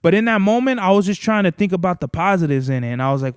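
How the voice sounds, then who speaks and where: A man's voice: on the high side, fast talker, few pauses, clean tone, no room sound, clean studio sound. A man hosting a podcast, telling a long, rambling story in casual, profane chat. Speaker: podcast host.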